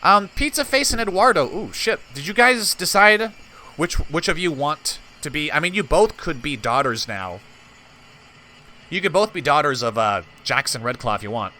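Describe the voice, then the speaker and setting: Lively, bright-voiced man playing a game. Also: a little high, moderate pace, a little hiss or hum. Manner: chatty, laughs easily, talks to viewers. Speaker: gameplay host. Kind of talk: casual strategy game commentary.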